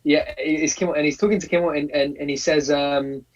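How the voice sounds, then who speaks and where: A man co-hosting a casual live-stream chat, gushing and excitable, tripping over and repeating his words. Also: a little high, fairly quick. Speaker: co-host. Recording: distant, muffled call audio.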